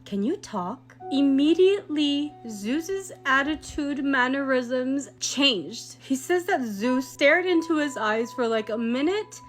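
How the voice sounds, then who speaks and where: A woman retelling a scary story in a lively, chatty way, with quick asides to the listener. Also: sits high, soft background music. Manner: animated, reacting with quick asides.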